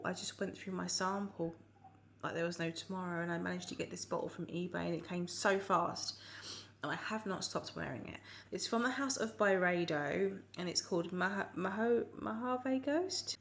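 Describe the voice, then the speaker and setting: A woman's voice: mid-range voice, creaky, slight background noise. A woman with a Surrey accent chatting casually through a perfume review, rambling with frequent ums and restarts. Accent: Surrey English. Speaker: fragrance reviewer.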